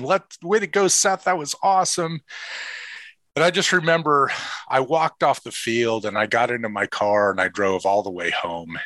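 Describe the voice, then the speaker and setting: A middle-aged man tells a heartfelt personal story in an earnest, emotional way. His voice sits fairly low yet sounds bright and forceful, recorded close and dry with no room sound. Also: no echo. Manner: earnest, emotional, quotes others in lively voices. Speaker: father and assistant football coach.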